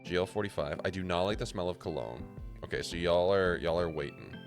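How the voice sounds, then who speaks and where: A man's voice: low-pitched, animated, fairly quick, over music. A man from Canada streaming a puzzle game, rambling and joking with casual swearing as he plays. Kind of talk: casual gameplay commentary.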